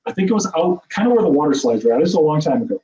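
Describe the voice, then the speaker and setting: Middle-aged man, quick, animated storyteller with self-deprecating humor, roomy far-off meeting-room sound. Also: on the high side, a little hiss or hum. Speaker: speaker at a meeting. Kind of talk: personal storytelling speech. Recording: echoey, distant, dull room sound.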